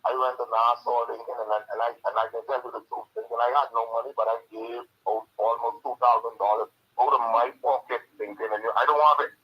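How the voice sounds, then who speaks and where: Bahamian caller, all worked up and upset, husky voice, phone sound. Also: male voice, medium pitch, fairly even intonation, a little fast. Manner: impassioned, distressed, repeats the host's name. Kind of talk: call-in phone talk. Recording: phone line.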